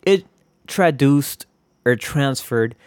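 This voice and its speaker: A man's voice: mid-range voice, expressive, takes it slowly, no room sound, clean studio sound. A young man hosting a podcast, talking in a casual, confessional ramble full of swearing and self-mocking jokes. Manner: profane, joking, rambling. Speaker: podcast host.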